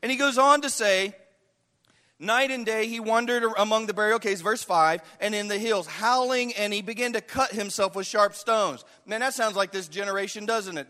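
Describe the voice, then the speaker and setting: A man's voice: high voice, normal speed, sharp tone, long reverb tail. A male pastor preaching a sermon with passion, acting out the voices of the people in the story.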